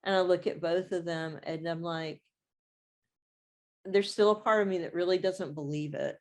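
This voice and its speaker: Woman author chatting in an interview, kinda low voice, acts out her reactions as she talks. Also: moderate pace. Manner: animated storytelling, acts out her own reactions. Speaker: guest author. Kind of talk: casual interview chat.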